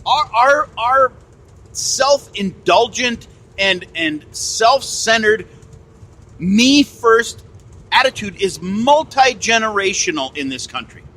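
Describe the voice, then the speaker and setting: A man's voice: sits high, big pitch swings, takes it slowly, bright, forceful tone. A man hosting a podcast, ranting bluntly and indignantly, swearing and repeating himself. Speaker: podcast host. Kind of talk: ranting opinion monologue. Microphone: phone.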